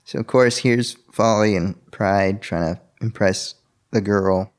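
A man casually telling a personal story and acting out the dialogue with big jumps in his voice. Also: slow. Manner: animated, acts out quoted dialogue with sharp pitch jumps.

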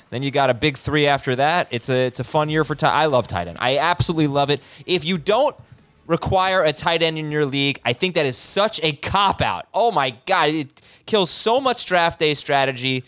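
A man hosting a sports podcast, talking in an upbeat, chatty way with quick asides. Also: fairly high pitch, a bit bright. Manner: upbeat, talkative, fast asides. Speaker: podcast host. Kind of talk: casual sports podcast chat.

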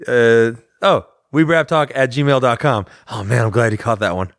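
A man's voice: medium pitch, normal speed, no room sound. Tired midwestern guy joking around on a podcast mic, dry close sound. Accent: Midwestern American. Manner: laughs often, joking and loose. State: tired, a bit delirious. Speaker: podcast co-host. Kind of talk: casual banter. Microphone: studio podcast mic.

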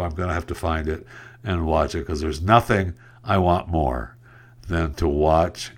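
A man hosting a solo podcast, talking through the news in a sarcastic, rambling way and tripping over words. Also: rumbling low. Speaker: podcast host. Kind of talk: casual solo podcast commentary.

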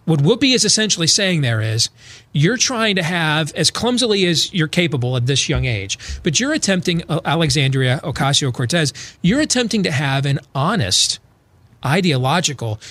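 A man's voice: sing-song, normal speed, fairly bright tone. A male talk show host, sarcastically paraphrasing others in comedic political talk with sudden put-on voices. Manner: sarcastic, mocking paraphrase with sudden high impressions.

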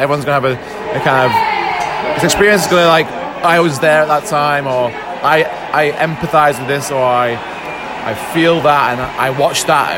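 Enthusiastic Yorkshire man over loud crowd. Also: on the high side, background noise. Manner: enthusiastic, rambling. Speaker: fan group organiser. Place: busy bar.

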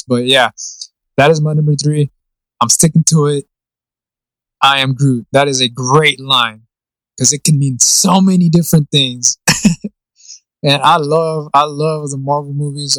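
A laid-back man chatting on a podcast, with a mid-pitched voice and casual swearing. The recording is dry and close, with no room sound. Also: fairly bright tone, no room sound, low-quality recording. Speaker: podcast co-host. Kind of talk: casual chat.

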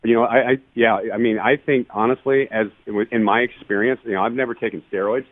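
A man's voice: mid-range voice, steady tone, fairly quick, no room sound. A man in his forties, a retired ballplayer guesting on a podcast, telling his story bluntly and earnestly with plenty of swearing. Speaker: guest, retired baseball player. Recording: dry, tinny phone-line sound.

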